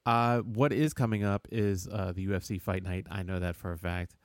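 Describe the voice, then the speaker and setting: A man co-hosting a casual sports chat, rambling and halting with lots of "uh"s and chuckles. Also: deep voice, fairly even intonation, no echo, studio quality. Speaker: podcast co-host.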